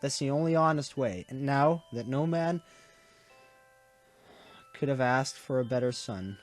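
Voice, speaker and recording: A man voicing a dying, gentle middle-aged father who speaks softly and tenderly, his voice growing weaker. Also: medium pitch, a little slow, faint music behind, lightly acted. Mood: tender, fading.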